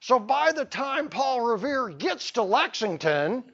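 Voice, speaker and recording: A man's voice: very high-pitched, big pitch swings, unhurried, a bit bright, lo-fi sound. A man teaching a history lesson to a class, telling the story with playful asides. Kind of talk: classroom lecture.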